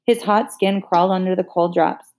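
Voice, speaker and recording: A woman reading a children's novel aloud in a measured storytelling manner. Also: on the low side, fairly even intonation, darkish tone. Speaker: audiobook reader.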